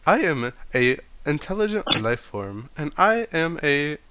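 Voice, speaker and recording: Guy doing a high pitched robot, stiff and polite but kinda rude. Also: very animated, measured pace, noisy background. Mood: deadpan polite. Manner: stiff, polite, rudely literal. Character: chipper robot greeter, male, oddly blunt.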